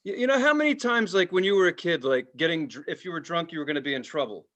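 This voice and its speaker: A man in his forties, a podcast co-host telling animated, profane stories and laughing at his own lines. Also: on the high side, fast talker. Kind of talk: casual storytelling.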